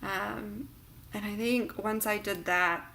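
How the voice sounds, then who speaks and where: A woman talking earnestly and reflectively in a personal vlog, with many pauses and fillers. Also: mid-range voice, fairly even intonation, gravelly, pushed and bright, slight background noise. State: emotional near the end. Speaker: vlogger.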